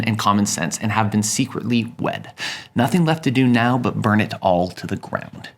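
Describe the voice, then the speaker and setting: A man narrating a lesson in a casual way, with wry joking asides. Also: mid-range voice. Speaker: teacher summarizing a play.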